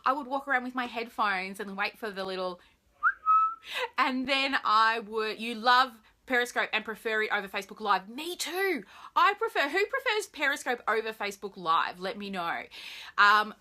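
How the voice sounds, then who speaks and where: A woman's voice: fairly high pitch, very animated, moderate pace, pushed and bright, slight background noise. Bubbly Australian woman live-streaming. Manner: bubbly, chatty, greets viewers by name. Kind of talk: casual live-stream chat to viewers.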